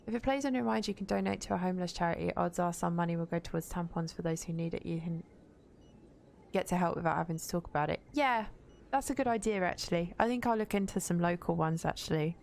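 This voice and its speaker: Chatty, swearing woman streamer with gravelly voice. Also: on the low side, fast, darkish tone, slight background noise. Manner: chatty, blunt, swears freely. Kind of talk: casual gaming stream chat.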